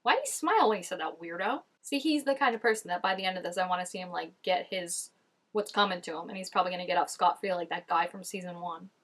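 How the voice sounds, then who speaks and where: A woman's voice: lowish voice, quick pace, fairly bright tone. Chatty woman reacting to a show. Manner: chatty, frequent "like", reacting to scenes. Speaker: reaction video host. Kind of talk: casual reaction commentary.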